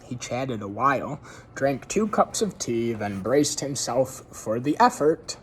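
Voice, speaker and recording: Casual male reader, lively intonation, chatty, informal read-aloud. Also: medium pitch, a little slow, a little hiss or hum. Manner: relaxed, chatty asides to listeners. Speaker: story reader.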